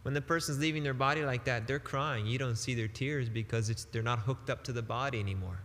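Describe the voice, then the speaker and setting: A man's voice: medium pitch, fairly bright tone. Man preaching in an echoey hall. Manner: deliberate, emphatic preaching with casual phrasing. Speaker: spiritual teacher. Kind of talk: devotional sermon.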